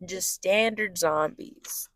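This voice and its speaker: A woman's voice: on the low side, slow pace, fairly bright tone, no room sound, clean studio sound. A young woman co-hosting a podcast in casual, playful chat, laughing often and slipping into joking lines. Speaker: podcast co-host.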